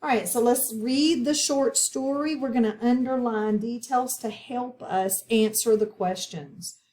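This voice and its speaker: A woman teaching a phonics lesson, talking slowly and clearly as she spells out sounds. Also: on the high side, darkish tone. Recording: echoey room.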